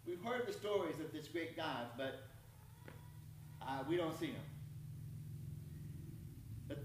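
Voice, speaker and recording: Folksy preacher in an echoey hall. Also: male voice, fairly high pitch, animated, slow pace, pauses often, noisy background. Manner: conversational, folksy, self-deprecating humor. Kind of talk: sermon. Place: church sanctuary. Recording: echoey church hall from far off.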